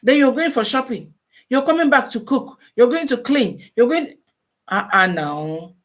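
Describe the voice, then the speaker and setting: A woman with a Nigerian Pidgin English accent, hosting a casual live-stream advice talk, animated and full of rhetorical questions. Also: sits high, normal speed.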